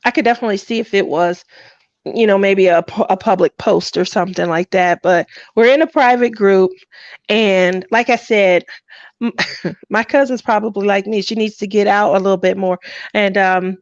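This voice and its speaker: A woman hosting a casual craft livestream, telling stories with frequent laughter and animated delivery. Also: medium pitch, normal speed, no room sound, highs cut off. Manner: laughs often, animated storytelling.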